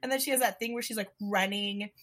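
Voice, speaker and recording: A woman in casual chat, recapping a movie plot with a lot of energy. She swears freely and jumps into quick voices for each character. Her voice sits at a middle pitch. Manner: animated, swears a lot, acts out characters' lines.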